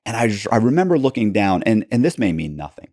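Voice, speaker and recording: A man's voice: lowish voice, big pitch swings, quick pace, a little mellow, dry recording, clean studio sound. A man, a podcast guest, telling a story in a casual, rambling way with many restarts. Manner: rambling, frequent restarts, acts out quoted dialogue. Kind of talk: casual storytelling in a long interview.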